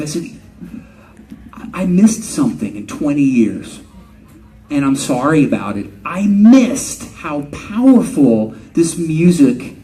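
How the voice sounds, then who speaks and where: A middle-aged man answers fans at a convention panel with loose, joking stories, laughing and cursing as he goes. His voice sits a little high and swings widely in pitch. He sounds some distance from the microphone. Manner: animated, joking, laughs often, swears casually. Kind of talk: live fan Q&A storytelling.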